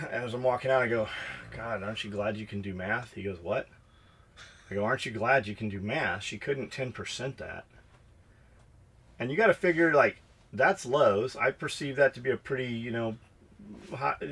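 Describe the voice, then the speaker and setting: A man from the United States tells a story on his podcast in casual, swear-filled chat. He gets animated and acts out both sides of each exchange. His pitch sits in the ordinary middle range for a man. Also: moderate pace, pauses often, breathy edge. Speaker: podcast co-host.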